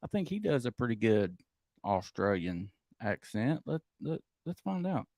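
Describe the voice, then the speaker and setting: A man's voice: medium pitch, unhurried, dry recording. A man hosting a live paranormal podcast, joking and bantering with his co-hosts. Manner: animated, joking host banter. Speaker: podcast host.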